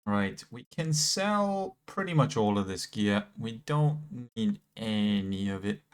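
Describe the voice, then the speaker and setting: A man's voice: lowish voice, lively intonation, takes it slowly, clear, resonant tone. Chatty British man streaming a game. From Britain. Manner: chatty, laughs easily, self-correcting restarts. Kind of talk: casual gameplay commentary.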